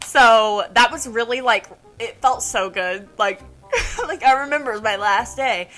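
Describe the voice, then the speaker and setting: A young woman co-hosting a podcast, telling retail stories in a lively casual way and swearing freely. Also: fairly high pitch, measured pace, soft background music. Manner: animated storytelling, swears freely. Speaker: podcast co-host. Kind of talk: casual chat.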